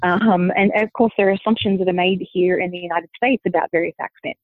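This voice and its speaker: Australian-accented woman guest, explanatory and measured, tinny call audio. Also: fairly low pitch, fairly even intonation, no room sound. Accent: Australian, softened. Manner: measured, explanatory, thinks aloud. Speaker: linguist guest. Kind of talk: conversational interview answer. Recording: dry tinny phone-like line.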